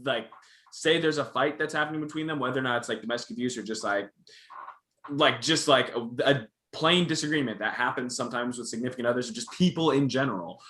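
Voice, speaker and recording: Young guy co-hosting a chat show, bright voice, kinda echoey room, swears a lot. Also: medium pitch, fast talker. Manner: candid, profane, storytelling. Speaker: podcast co-host. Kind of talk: casual chat.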